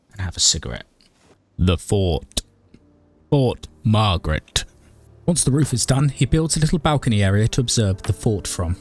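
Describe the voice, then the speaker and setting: A man's voice: on the low side, darkish tone. A man narrating a game playthrough in a dry, mock-dramatic comic style, often talking to his character. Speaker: gaming YouTuber narrating a playthrough. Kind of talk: comedic game commentary and narration.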